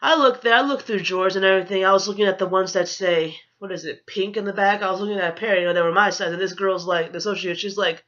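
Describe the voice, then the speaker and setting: A woman with a bright, forceful voice rambles through a storytime rant as a vlogger, swearing freely and sounding indignant, with "you know" in nearly every sentence. The audio is dull and lo-fi, as if recorded on a cheap mic. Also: medium pitch, steady tone, fast, few pauses.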